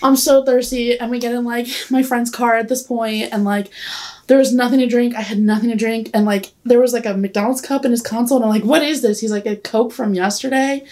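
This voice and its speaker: This young podcast guest, in her twenties, has a fairly high, darkish voice with flat delivery and a brisk pace. Chatting casually, she tells a long, rambling story, giggling and saying "like" nonstop.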